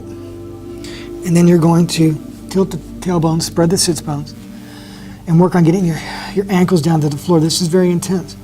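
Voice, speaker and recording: A man leading a yoga class, giving calm, slow step-by-step cues and often dropping his voice softly. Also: sits high. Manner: calm, slow guiding cues with soft drops in volume. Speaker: yoga instructor. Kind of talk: guided yoga class instruction.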